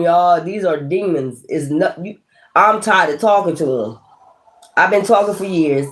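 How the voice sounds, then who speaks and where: A woman's voice: fairly low pitch, sing-song, unhurried, slight background noise. A woman giving a tarot reading in a blunt, profane manner, laughing often and talking straight to the listener. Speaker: tarot reader.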